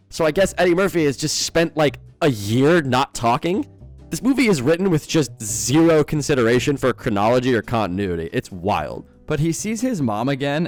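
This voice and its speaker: A young man giving a sarcastic, incredulous film review in scripted commentary. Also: mid-range voice.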